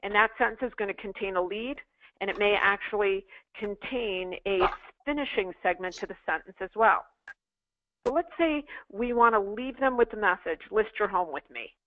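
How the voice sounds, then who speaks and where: Here a woman with a mid-range voice and moderate pace trains callers in sales during an interactive online class. Emphatic drills and repeated practice phrases fill her coaching, which comes through a tinny phone-like line.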